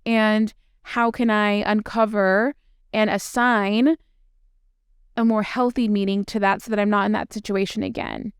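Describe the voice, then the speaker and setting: A woman hosts her own podcast and talks through her reflections in a loose, chatty way, dotted with fillers. Her voice is very clear and smooth, recorded close and dry with no room sound. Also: mid-range voice, fairly even intonation, unhurried, no echo. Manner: chatty, with frequent likes and ums. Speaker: podcast host. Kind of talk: solo reflective podcast talk.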